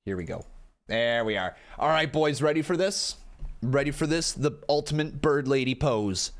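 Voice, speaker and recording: A man hosting a live wrestling watch-along, chatting excitably with his chat and swearing freely. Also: medium pitch, moderate pace. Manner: excitable, profane, chatty, talks straight to chat. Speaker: live-stream host reacting to wrestling. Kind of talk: casual watch-along commentary and chat banter.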